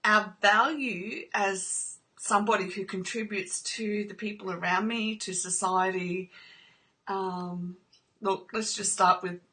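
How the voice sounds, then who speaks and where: An earnest woman talks straight to her listeners and keeps checking in with a gentle "okay?". Her voice is bright and of middle pitch. She becomes openly emotional when she shares stories from her own family. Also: steady tone, takes it slowly. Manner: emotional while telling personal stories. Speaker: trauma recovery video host. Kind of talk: personal talk to camera.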